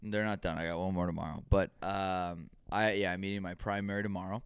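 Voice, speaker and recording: A man's voice: low-pitched, fairly even intonation, fairly quick, smooth, dry recording, studio quality. A man co-hosting a casual podcast, telling rambling stories and acting out quoted dialogue. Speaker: podcast co-host.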